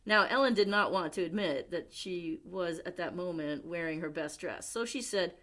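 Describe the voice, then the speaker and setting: A woman at a library reading a picture book aloud, expressive, with chatty asides to young listeners. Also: lowish voice, normal speed, few pauses. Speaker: library storyteller.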